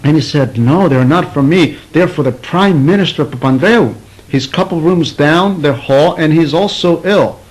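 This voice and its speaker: A man's voice: on the high side, normal speed, rough recording. Man telling a story. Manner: animated, acts out the speakers in his story. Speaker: priest telling a story of an elder. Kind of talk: storytelling talk.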